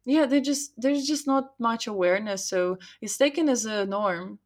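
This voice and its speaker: A young woman in casual conversation, telling animated stories and acting out the voices of people she quotes. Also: fairly high pitch, normal speed. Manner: animated storyteller, acts out quoted voices, many likes. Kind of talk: casual chat.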